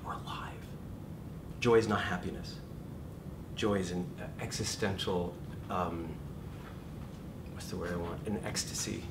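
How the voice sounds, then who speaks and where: A middle-aged acting teacher lectures his class in an animated, joking way, acting out the inner voices he describes. He sounds far from the mic in a roomy space. There's steady background noise behind him. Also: fairly low pitch. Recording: echoey room, far from the mic, noisy.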